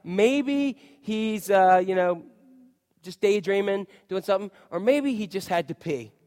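A smug, laid-back prophet taunts his rivals in a high, bright voice, as a man preaching puts him on. The teasing voice rings with the long reverb of a large hall. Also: lively intonation, a little slow. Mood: taunting.

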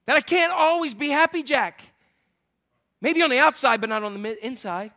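A man preaching a sermon, animated, swinging between loud exclamations and hushed asides. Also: extremely high pitch, normal speed. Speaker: pastor.

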